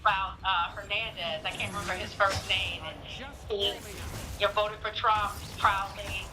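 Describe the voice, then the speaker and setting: A woman's voice: mid-range voice, steady tone, unhurried, noisy background. A woman chatting on a stream, loosely retelling a story she saw online with restarts. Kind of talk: casual chat.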